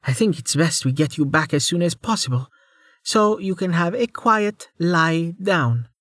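Teasing, bossy young archer girl for a storybook reading, high and lilting, done by a man. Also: lively intonation, a little slow, a bit bright, no room sound, studio quality. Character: quick-witted young woman archer, teasing.

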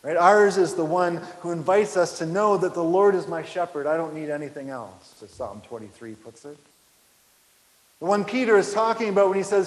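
Guy preaching in a big church, voice on the high side, phrase ends trail off soft. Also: normal speed. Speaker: pastor. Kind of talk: sermon. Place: church sanctuary. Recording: echoey sanctuary with long reverb.

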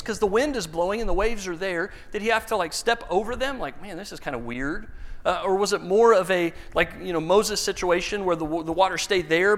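A man preaching a sermon, telling a Bible story in an animated way and acting out the characters with humor. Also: high-pitched. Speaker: pastor.

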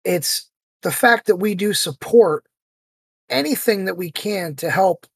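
Guy on a podcast, kinda husky voice, dry sound, tells stories and does the voices. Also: high-pitched, measured pace, no room sound. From United States. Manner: animated storyteller who acts out quoted voices. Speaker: podcast host. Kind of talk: casual podcast storytelling.

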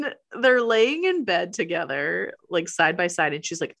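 A woman's voice: lowish voice, sing-song, normal speed, creaky, fairly bright tone. A woman in casual chat, animatedly retelling a movie plot and acting out quotes. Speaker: podcast co-host recapping a movie.

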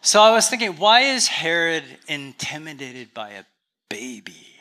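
A man, a pastor with a Canadian accent, preaching a sermon in a relaxed, conversational storytelling way with touches of humor. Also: on the high side, a little slow.

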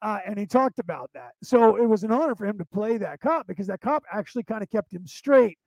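Man, American accent mixing Southern drawl and Boston, high voice, quick rambling podcast talk, dry close sound. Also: expressive, vocal fry, a little mellow, dry recording, lo-fi sound. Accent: American with Southern drawl and Boston touches. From central California. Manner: fast-talking, rambling with many fillers. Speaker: podcast host.

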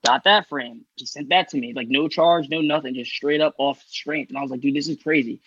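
A man's voice: mid-range voice, brisk, fairly bright tone, husky, no room sound, dull audio. A man from New York telling a long, rambling story in casual podcast talk, full of cursing, fillers and restarts. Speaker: guest rider telling his story.

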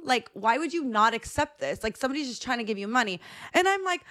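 A woman's voice: on the high side, lively intonation, a little fast, a bit bright. A young woman co-hosting a podcast, telling stories animatedly in casual chat and acting out the voices of the people she quotes. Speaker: podcast co-host.

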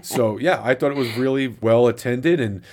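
A man's voice: mid-range voice, normal speed, darkish tone. A man co-hosting a casual podcast, rambling along and often repeating words as he talks. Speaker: podcast co-host.

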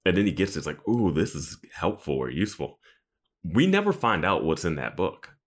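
A man's voice: low voice, big pitch swings, brisk. A man co-hosting a podcast in a laid-back way, chuckling and asking wry questions while casually recapping a TV episode. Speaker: podcast co-host.

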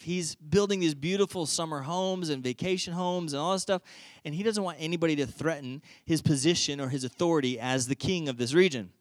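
A man preaching with a high-pitched voice, telling the story in a casual, animated way. The sound is dry and close, with no room echo. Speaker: pastor. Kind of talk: sermon.

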